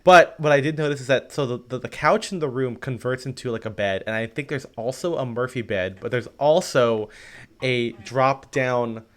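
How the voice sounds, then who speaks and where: A man's voice: medium pitch, moderate pace. Rambling chatty man. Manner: rambling, many fillers and restarts. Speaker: podcast co-host. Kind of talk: casual chat.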